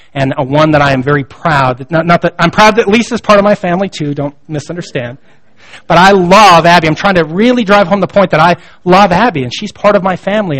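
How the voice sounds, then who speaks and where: A man's voice: a little high, a bit bright. A man in his thirties preaching a sermon, telling stories from his family life in a conversational, self-deprecating way. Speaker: pastor. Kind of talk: sermon with personal storytelling.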